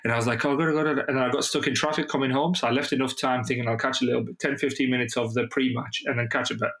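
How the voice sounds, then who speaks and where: Animated man, roomy echo. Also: medium pitch, rapid-fire. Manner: animated, swears freely. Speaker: podcast co-host. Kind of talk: casual football chat.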